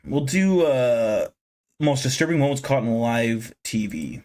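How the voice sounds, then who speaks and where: A man's voice: medium pitch, lively intonation, a little slow, darkish tone. Casting: young American man, brash profane streamer, rambling brag. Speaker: livestream host. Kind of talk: casual livestream chat.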